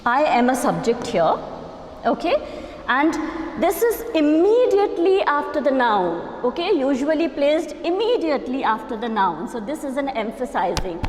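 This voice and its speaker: Indian English woman lecturer, high animated delivery, echoey room with long reverb. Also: moderate pace, a little hiss or hum. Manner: explanatory, checks understanding with "okay?" and "right?". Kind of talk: recorded grammar lecture.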